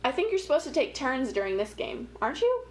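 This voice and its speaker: A young woman family educator reading a picture book aloud to children, with gentle, playful, chatty asides to her young listeners. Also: high-pitched, sing-song, fast, a little hiss or hum.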